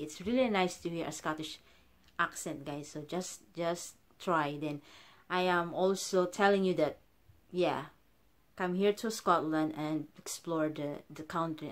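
Chatty woman vlogger, lowish voice. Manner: chatty, keeps calling viewers "guys"; halting, frequent restarts. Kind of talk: casual chat to camera.

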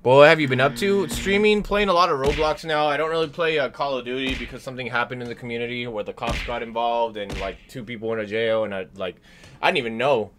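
A young man streaming a game in casual chat, swearing often, reading chat aloud and yelling at teammates while sore from a hurt leg. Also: medium pitch, fast talker, background noise. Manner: profane, chatty, reads chat aloud and shouts at teammates.

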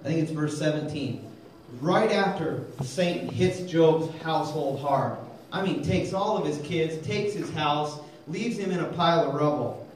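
A man preaching a lively sermon, calling for amens and telling jokes, recorded in a church hall. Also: fairly high pitch, a little slow, a little hiss or hum. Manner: energetic, calls for amens, tells jokes. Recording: very echoey hall, mic far off.

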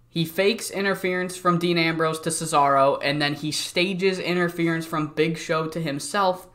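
A man's voice: fairly high pitch, fairly bright tone. A young man casually narrating a wrestling simulation game, jokey and rambling, with some swearing. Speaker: let's-play host.

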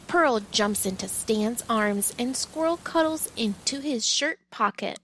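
A woman reading a children's picture book aloud, with gentle, expressive storytelling. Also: fairly high pitch, unhurried, few pauses, slight background noise, rough recording. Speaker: storybook reader.

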